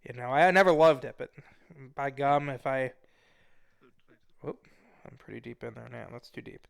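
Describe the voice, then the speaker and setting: A man's voice: mid-range voice, moderate pace, vocal fry, clear, resonant tone. A man hosting a casual interview talk show, joking and playfully rude.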